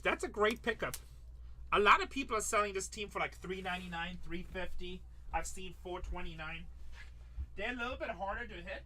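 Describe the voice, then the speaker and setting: A man with a bright, forceful, somewhat high voice hosts a live card-break stream. He talks in a quick selling patter, reads off long lists, and teases his buyers. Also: slight background noise. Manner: joking, teasing, rattles off lists. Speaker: sports card break host.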